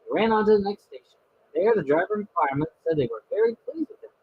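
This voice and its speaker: A man reading a children's storybook aloud, expressive and lively with small slips. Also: high voice, quick pace, phone-quality sound, slight background noise. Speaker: storybook narrator.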